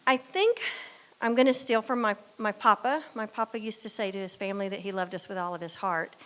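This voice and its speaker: An older woman gives a heartfelt graduation speech in an ordinary, mid-pitched voice. She talks in a halting, emotional way and sounds close to tears. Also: fairly bright tone. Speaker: guide dog graduate.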